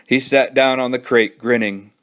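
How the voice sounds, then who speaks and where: A man who is a children's librarian, reading a storybook aloud with an expressive storytelling manner. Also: mid-range voice, moderate pace.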